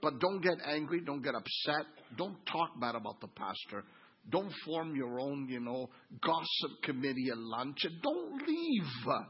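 Man in his fifties, pastor, sermon, husky, animated, quiet asides to loud exclaiming, dull lo-fi recording. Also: medium pitch, normal speed. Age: 50s.

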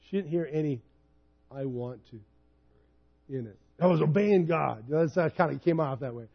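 Over dull audio, a male pastor in his fifties speaks in a mid-range voice at a fairly quick pace. His sermon has a personal, chatty storytelling feel, and he gets animated when retelling things.

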